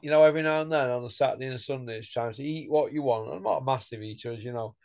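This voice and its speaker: A man's voice: mid-range voice, very fast, gravelly, a little mellow, dry recording. A man hosting a casual chat, blunt and chatty, tagging his points with questions. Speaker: channel host.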